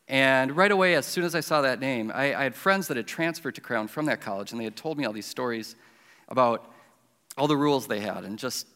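A man's voice: medium pitch, fairly bright tone, clean tone. A man, preaching a sermon and telling a self-deprecating personal story in a conversational way. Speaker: pastor. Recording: reverberant hall.

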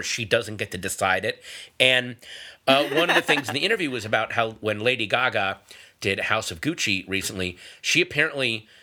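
A man co-hosting a casual podcast, teasing his co-host and telling stories with lively energy. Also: medium pitch. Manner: teasing, animated storyteller. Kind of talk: casual chat.

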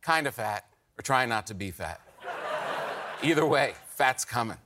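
A middle-aged man, a comedian guest on a talk show, riffing in animated, exasperated comic bits. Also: mid-range voice, brisk, noisy background. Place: television studio.

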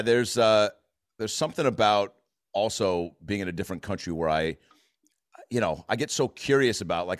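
An American man in his thirties, rambling in a profane, animated way through a casual podcast chat. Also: lowish voice, dry recording, studio quality. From United States.

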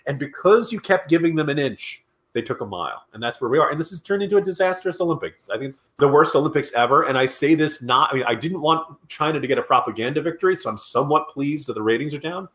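A man's voice: medium pitch, animated, fast, fairly bright tone. A man co-hosting a political podcast, talking in a sarcastic, ranting way. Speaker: podcast co-host. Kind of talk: casual political chat.

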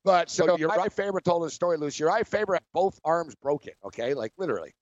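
Male sports radio host, higher voice, lively storyteller, dry lo-fi studio sound. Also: no room sound. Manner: animated storyteller, quick asides. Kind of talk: casual sports radio chat. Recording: dry, dull lo-fi studio audio.

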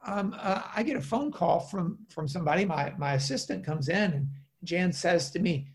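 A trial lawyer in an interview, a man telling anecdotes with lively energy and plenty of restarts. His voice sits a little on the higher side for a man. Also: moderate pace, few pauses. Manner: animated anecdotes with many fillers and restarts. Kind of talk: casual storytelling interview.

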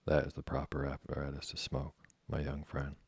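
A man voicing a sly, dryly amused German gentleman who teases a boy. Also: a bass voice, monotone, moderate pace, gravelly, breathy edge, no echo, exaggerated voice. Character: dry, teasing German gentleman passenger.

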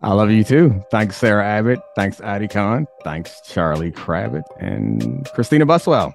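A man's voice: fairly low pitch, animated, normal speed, gravelly, faint music behind. A man hosting a casual chat show, teasing his co-host with short, dry replies.

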